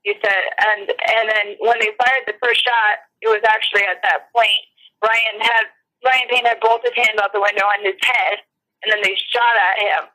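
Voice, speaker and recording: A woman eyewitness recounting events in a phone interview, shaken and near tears, with halting speech full of restarts. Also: medium pitch, fairly even intonation, sharp tone, low-quality recording.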